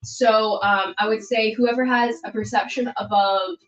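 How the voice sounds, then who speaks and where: A woman's voice: a little high, fairly even intonation, unhurried, a bit bright, muffled recording. Rambling woman game master. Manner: rambling, filler-heavy narration. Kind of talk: narrating a tabletop game.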